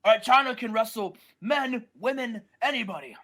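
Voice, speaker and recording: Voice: medium pitch, normal speed, close to an everyday voice. A streamer doing a hyped swaggering wrestler. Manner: hyped, shouting catchphrase style. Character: swaggering veteran wrestler hero, loud.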